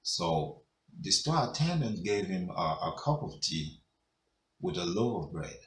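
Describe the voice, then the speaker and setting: A male storyteller narrates a folk tale in a very low, unhurried voice. He keeps it conversational, with fillers. The room is echoey and faint noise sits behind him. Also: big pitch swings, a bit bright.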